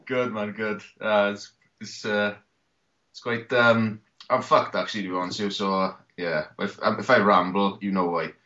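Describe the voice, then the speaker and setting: Sweary rambling British guest, bright voice. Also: male voice, on the low side, little pitch movement, moderate pace. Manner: sweary, rambling, laughs often. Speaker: podcast guest. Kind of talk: casual chat. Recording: dull lo-fi podcast audio.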